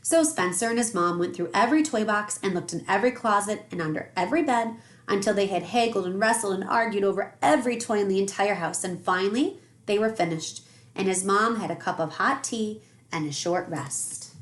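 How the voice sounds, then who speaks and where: A woman teacher reading a picture book aloud to young children, expressive and gentle. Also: mid-range voice, fairly quick, roomy sound. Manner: warm, expressive storytelling.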